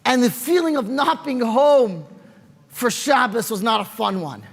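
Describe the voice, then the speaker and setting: A man telling a story in a lively, sing-song way, acting out the scenes. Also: very high voice, measured pace, big-room sound. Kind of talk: animated oral storytelling.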